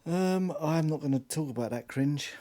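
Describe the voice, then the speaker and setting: A man's voice: fairly high pitch, moderate pace, dark tone. Teasing man in casual banter. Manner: teasing banter, short quips, laughs a lot. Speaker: podcast co-host. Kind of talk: casual chat.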